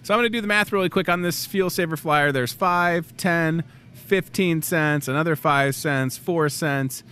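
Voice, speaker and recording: A man's voice: on the high side, normal speed, clear, resonant tone. A man in his thirties hosting a live in-store talk show, joking and rambling through asides. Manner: animated, jokey, rambling asides. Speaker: host. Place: grocery store set.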